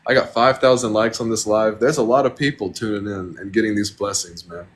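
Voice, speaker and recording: A man's voice: fairly low pitch, steady tone, a little fast. A man hosting a devotional livestream from home, talking casually in an earnest, grateful, rambling way. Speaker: livestream host. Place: at home with pet birds.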